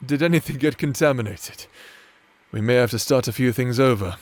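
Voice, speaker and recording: In a whispered role-play, a man plays a necromancer husband who teases and dotes, laughing as he goes. His mid-range, natural voice is soft and breathy, and he speaks slowly and flirtatiously with a playful fluster.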